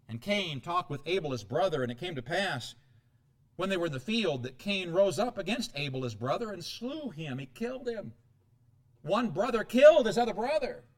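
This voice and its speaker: Animated, high-voiced man preaching. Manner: animated preaching with sudden loud outbursts and quiet asides. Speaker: pastor. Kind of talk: sermon.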